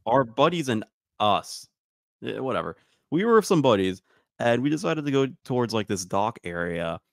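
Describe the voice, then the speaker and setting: A man's voice: mid-range voice, very animated, normal speed, vocal fry, no echo, clean studio sound. A young man co-hosting a comedy podcast, telling a story in a laid-back way and correcting himself. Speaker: podcast co-host. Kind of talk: casual storytelling chat.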